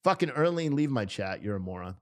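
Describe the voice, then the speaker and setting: Man, livestream host, casual unscripted talk, profane, ranting, self-mocking laughs, mid-pitched voice. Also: big pitch swings, a little fast, a little mellow. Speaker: livestream host reading chat.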